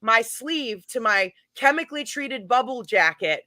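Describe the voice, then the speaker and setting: A woman's voice: a little high, measured pace, no echo. A woman who organizes paranormal events, telling a funny story in a casual chat and laughing as she goes. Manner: animated, laughs while telling stories.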